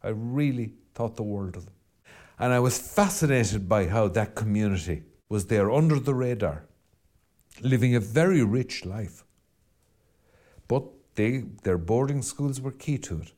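A middle-aged Irish priest with a lowish voice talks earnestly on his podcast. He argues rhetorically, stacking up questions and pressing his point. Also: lively intonation, measured pace, a little mellow. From Ireland. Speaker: Catholic priest podcast host. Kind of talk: reflective spoken commentary.

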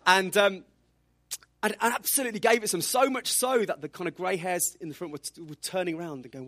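A man preaching a sermon, telling lively stories with self-deprecating humor. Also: sits high, a little fast.

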